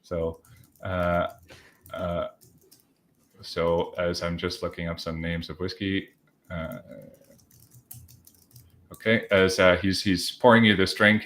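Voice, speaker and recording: A man's voice: low voice, fairly bright tone, slight background noise. A man narrating as game master, rambling with many fillers. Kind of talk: improvised tabletop narration.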